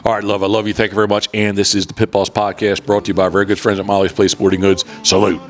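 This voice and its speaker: A man's voice: lowish voice, level tone, racing. A man hosting a podcast and telling rambling, profane hunting stories in a casual chat. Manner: rambling and profane, with many restarts. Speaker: podcast host and duck hunting guide.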